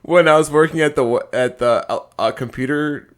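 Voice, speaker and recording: A laid-back man co-hosting a casual podcast, with a voice pitched a little higher than most men's. He laughs easily and trips over his words as he tells a story. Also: moderate pace. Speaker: podcast co-host. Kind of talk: casual chat.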